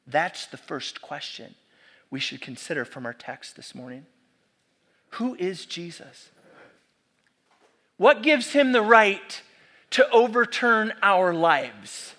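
A man preaching a sermon, animated and full of rhetorical questions to the congregation. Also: high-pitched, a little slow, long pauses. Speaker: pastor.

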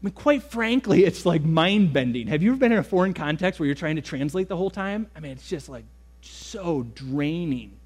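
A young man preaching a sermon as pastor, emphatic, slowing down to stress key words and speeding through asides. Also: on the high side, expressive, darkish tone, husky.

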